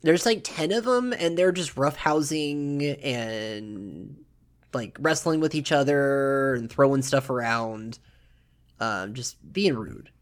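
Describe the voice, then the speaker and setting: A man narrating a tabletop game as game master, relaxed and halting, with many fillers. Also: medium pitch.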